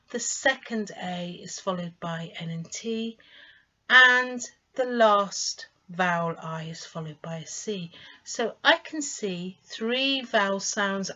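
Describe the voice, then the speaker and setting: Slow, encouraging woman tutor. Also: fairly low pitch, bright, forceful tone. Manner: clear, encouraging, sounds out syllables slowly. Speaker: English pronunciation tutor. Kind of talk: teaching phonics lesson to camera. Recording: slightly dull lo-fi sound.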